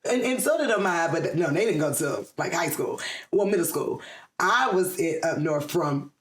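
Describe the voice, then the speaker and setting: A woman's voice: fairly low pitch, lively intonation, moderate pace, echoey room. A middle-aged woman from the Atlanta area, chatting as a guest in an interview, with lots of ums and frequent laughs. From Atlanta area, USA. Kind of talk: casual interview chat.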